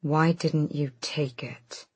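A woman voicing a weary, haunted young male king in a hushed, hollow manner, in an audiobook. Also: on the low side, level tone, moderate pace, breathy edge, dry recording.

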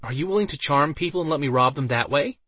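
A man's voice: on the high side, lively intonation, fast, sharp tone, slightly rough, no room sound, pitched above the performer's own voice, full character voice. A man voicing a vain, pompous male mage who declaims theatrically. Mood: smug.

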